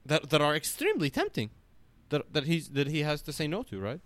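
A man talks through a casual podcast chat with a lively, swinging pitch, rambling and peppering his speech with filler words and swearing. The sound is dry and close, with no room echo. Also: fairly quick. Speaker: podcast co-host.

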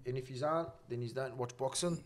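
A man's voice: mid-range voice, quick pace, a little hiss or hum. A young man hosting a podcast, blunt and crude, laughing often and swearing freely. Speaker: podcast host. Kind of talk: casual podcast chat, heavy swearing.

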